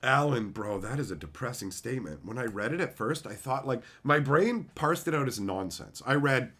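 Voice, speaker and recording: A man chatting casually with viewers on a live stream, profane, animated and openly emotional. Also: mid-range voice, moderate pace.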